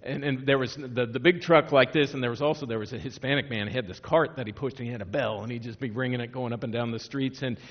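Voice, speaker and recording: A middle-aged pastor from Northwest Indiana preaching a sermon in a casual, conversational way, full of restarts and rhetorical questions. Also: male voice, medium pitch, quick pace, few pauses. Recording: dull sound, long hall reverb.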